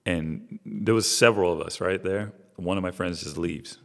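A middle-aged man with a very deep, low voice tells stories in a relaxed, profane way, forever tossing in "you know what I'm saying". The room adds a long, lingering reverb. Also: normal speed, creaky. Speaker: barber, guest. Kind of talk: casual storytelling chat.

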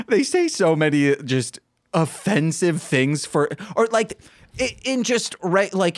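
A man's voice: high voice, animated, slow, no echo, clean studio sound. A man co-hosting a podcast in casual chat, rambling and cutting himself off as he tells stories. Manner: rambling, self-interrupting storyteller. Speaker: podcast co-host.

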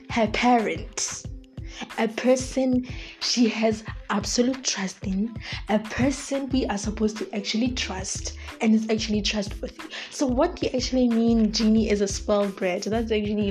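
A woman's voice: a little high, measured pace, darkish tone, faint music behind. A woman hosting a podcast in a casual commentary monologue, emphatic and repeating her points while talking straight to her listeners. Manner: emphatic, repeats herself, addresses listeners as guys. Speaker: podcast host.

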